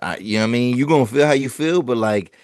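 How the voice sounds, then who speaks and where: A man's voice: medium pitch, fast, darkish tone, no echo. Guy ranting slangy on a recap podcast, dry close mic. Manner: emphatic, slangy, profane. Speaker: podcast co-host. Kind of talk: casual TV recap chat.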